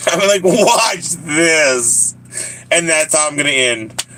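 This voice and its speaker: A man's voice: fairly high pitch, lively intonation, a little fast, pushed and bright. A man with a Southern US accent chatting casually on a live stream, joking and laughing often as he rambles to his viewers.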